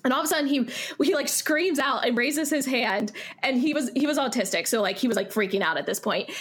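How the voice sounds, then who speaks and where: A young woman teacher tells classroom stories in a relaxed, chatty way. Her voice sits a little high, and she laughs often and fills her talk with casual fillers. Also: a little fast, husky. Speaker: elementary school teacher, guest. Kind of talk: casual storytelling interview.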